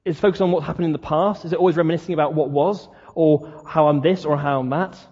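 A man's voice: a little high, steady tone, fast, darkish tone, husky. A man preaching a sermon, talking conversationally and asking the listeners many questions. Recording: dull lo-fi sound, long hall reverb.

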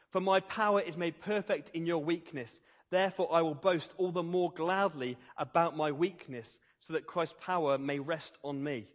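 A man preaching a sermon in an earnest, emphatic way, slowing down to stress key phrases. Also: high voice. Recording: reverberant hall, dull lo-fi sound.

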